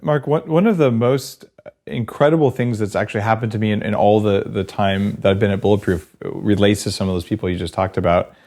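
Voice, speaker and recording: A man hosting a podcast interview, introducing his guest and telling stories in a quick, excited way. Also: fairly low pitch. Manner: excited, storytelling, quick asides. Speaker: podcast host. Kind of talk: casual interview chat.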